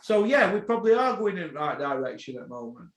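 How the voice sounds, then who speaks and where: A man hosting a boxing podcast, ranting, swearing and bursting into shouts. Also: high voice, sing-song, quick pace, reverberant.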